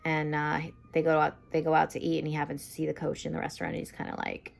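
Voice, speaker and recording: Speaking quickly in a low, monotone voice with vocal fry, a young woman chats her way through a TV episode recap and review. Her talk is loaded with "like" and "um," and she performs the quotes.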